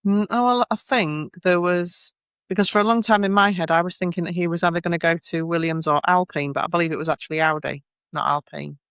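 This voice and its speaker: A man's voice: on the high side, steady tone, fairly quick, a bit bright, clear, resonant tone, dry recording, clean studio sound. A man hosting a casual podcast chat, musing aloud and often restarting his sentences. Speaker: podcast host.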